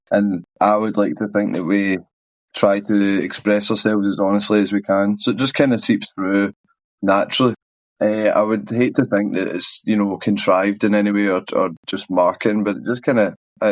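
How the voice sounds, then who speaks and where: A man's voice: fairly low pitch, dry recording. A man with a thick Glaswegian accent answering interview questions in a rambling, frank way, swearing casually. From Scotland. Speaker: band's singer.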